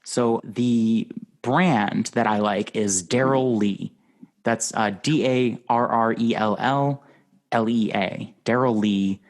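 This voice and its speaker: A man hosting a podcast in casual chat, talkative and quick to laugh. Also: on the low side. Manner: chatty and laughing often. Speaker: podcast host.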